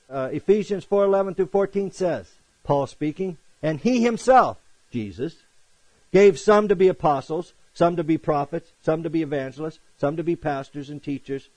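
A man with a fairly high voice preaching an animated sermon. He acts out quotations and drops from loud, emphatic lines to soft asides. The sound is dry and close. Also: dry recording, poor audio. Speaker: pastor.

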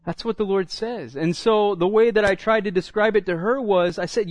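Middle-aged guy preaching, slightly high voice, acts out the dialogue, dry close sound. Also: moderate pace, no echo. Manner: animated storytelling, acts out dialogue, rises when excited. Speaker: pastor. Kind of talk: sermon.

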